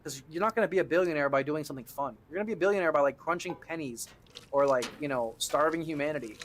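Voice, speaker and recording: A young man streaming a game, chatting loosely with viewers, joking and swearing with sudden excited outbursts. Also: a little high, fast talker. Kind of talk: casual gameplay commentary.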